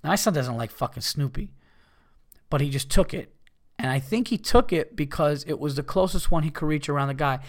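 A man's voice: a little high, animated, a little fast. A man in his thirties hosting a podcast, telling a long story in a rambling, heated way and swearing often. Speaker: podcast host. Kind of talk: profane storytelling monologue.

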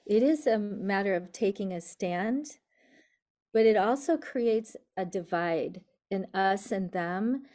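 A woman who is a guest on an interview podcast, speaking in a calm, reflective way. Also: mid-range voice. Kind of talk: interview conversation.

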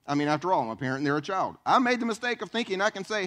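A man preaching a sermon as pastor, animated, acting out voices and questions. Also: high-pitched, rapid-fire, hardly any pauses. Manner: animated, acts out voices and questions, southern "y'all".

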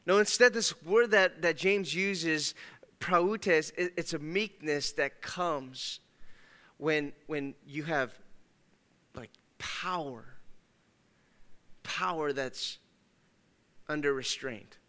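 Bright, clear-voiced male pastor preaching. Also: on the high side, takes it slowly, long pauses, big-room sound. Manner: conversational, emphatic, shifts between loud and hushed. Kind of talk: sermon. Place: church sanctuary.

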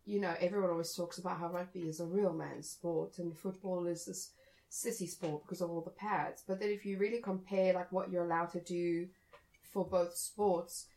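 A woman's voice: fairly low pitch, steady tone, normal speed, warm tone, low-quality recording. A young woman with a South African accent, chatting casually as a podcast guest in a self-deprecating way.

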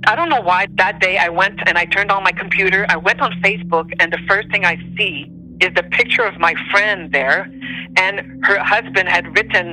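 The recording is rough, but the speaker comes through: a Montreal woman, native in French and carrying a Quebec French accent, telling a personal tale at normal speed in a mid-range voice. As a storyteller guest she is emotional and animated, her pitch rising on quoted lines.

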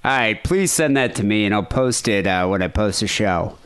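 A man's voice: on the low side, expressive, normal speed, a bit bright, smooth. A man hosting a show, chatting casually in a rambling way, with frequent restarts and laughs. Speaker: podcast host. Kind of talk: casual chat.

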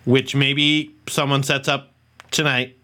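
A man's voice: mid-range voice, flat delivery, slow pace, sharp tone. A man co-hosting a podcast in casual chat, throwing in teasing wisecracks. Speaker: podcast co-host.

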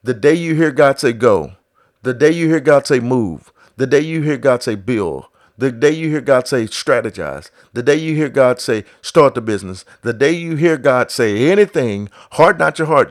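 A man's voice: expressive, moderate pace. Man preaching, building to fervor. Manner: starts low and quiet, builds to loud exhortation with repeated refrains; acts out biblical voices in quoted speech. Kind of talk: sermon.

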